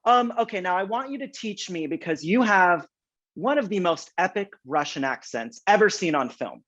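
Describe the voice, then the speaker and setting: An excitable, playful man interviews actors, teasing them with jokes. His pitch swings widely as he talks. The recording is somewhat dull and lo-fi. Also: normal speed. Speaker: entertainment interviewer. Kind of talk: casual interview chat. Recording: muffled lo-fi sound.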